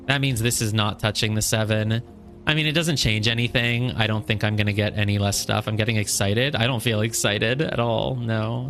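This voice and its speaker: A man's voice: on the low side, creaky, a bit bright. A young man streaming a puzzle game, thinking aloud, counting squares and scolding himself over his mistakes. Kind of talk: casual live gameplay commentary.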